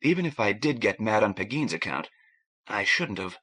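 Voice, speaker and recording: A man's voice: on the low side, big pitch swings, moderate pace, pushed and bright, slightly rough, full character voice. A man voicing a plainspoken, self-critical male starship captain. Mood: rueful.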